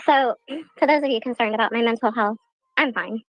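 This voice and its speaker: Raspy, sarcastic higher-voiced woman streamer. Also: fairly quick, no room sound, highs cut off. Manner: indignant, sarcastic retelling. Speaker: streamer in a played clip. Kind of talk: casual livestream talk.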